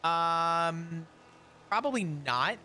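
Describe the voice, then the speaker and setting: A man's voice: fairly high pitch, lively intonation, very slow, bright, forceful tone, slight background noise. A man in casual roleplay chat, rambling through long explanations and laughing often. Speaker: roleplay character in a court case.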